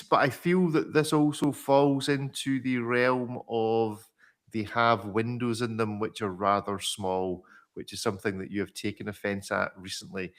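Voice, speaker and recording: A man's voice: lowish voice, a bit bright. Easygoing man hosting a panel. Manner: easygoing, asks questions, laughs along. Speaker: host. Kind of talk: hosting a live panel show.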